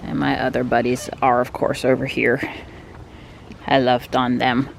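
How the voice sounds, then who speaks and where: A woman's voice: rumbling low, level tone, measured pace, gravelly, a little hiss or hum. A woman vlogger chatting casually while driving, laughing often. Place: inside a car.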